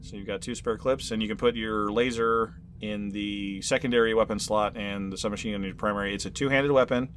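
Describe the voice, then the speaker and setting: A man narrating a sci-fi tabletop game as game master, relaxed and full of fillers. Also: fairly low pitch, a little fast, few pauses, slight background noise.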